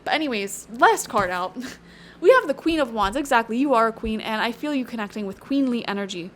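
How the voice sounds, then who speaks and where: A woman's voice: fairly high pitch, animated, brisk, a bit bright, a little hiss or hum. Chatty woman giving a tarot reading. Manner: chatty, emphatic, frequent "okay?" and "you know"; tangential, earnest pep talk. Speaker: tarot reader. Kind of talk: casual tarot reading to camera.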